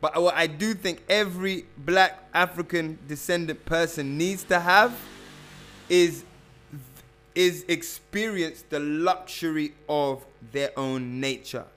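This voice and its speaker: Guy coaching his followers, kinda high voice, preachy and repeats stuff for emphasis. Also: slow pace, a bit bright. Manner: preachy, calls listeners "family"; emphatic, repeats phrases for effect. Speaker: spiritual health coach. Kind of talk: casual livestream talk to followers.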